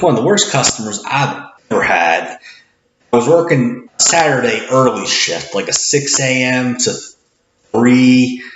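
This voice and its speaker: A man with a loud, projecting voice rambles through casual vlog commentary, stumbling over restarts and acting out the greetings he gives at the register. He sits well back from the camera mic, so his voice comes across roomy and a bit dull and lo-fi, with a faint hiss behind it. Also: medium pitch. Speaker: cashier. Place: indoor room, seated back from the camera. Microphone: camera mic at some distance. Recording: echoey room, dull lo-fi sound, faint noise.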